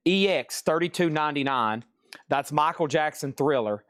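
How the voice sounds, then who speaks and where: A man's voice: a little high, lively intonation, moderate pace, a bit bright, no room sound, clean studio sound. A man running a live vinyl sale, chatting in a folksy, rambling way and humming bits of songs. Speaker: live-stream record seller. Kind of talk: live sales stream chat.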